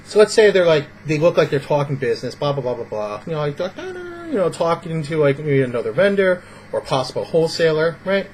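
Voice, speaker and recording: A man's voice: a little high, expressive, fast talker, darkish tone, a little hiss or hum, rough recording. A man giving casual, rambling advice in a vlog, acting out little example scenes. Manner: rambling, filler-heavy, acts out little scenes. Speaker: vlogger.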